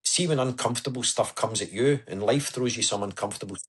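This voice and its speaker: Appearing as a podcast guest in a casual interview chat, a man tells his story in an earnest, chatty way, often saying "aye" and "wee." He talks fast, with a medium-pitched voice and a breathy edge.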